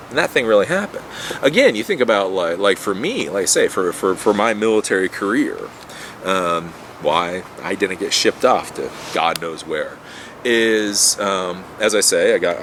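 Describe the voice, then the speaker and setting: A man's voice: sits low, background noise. A man telling a personal story in a casual, rambling monologue, repeating words and swearing when annoyed. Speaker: vlogger telling his life story.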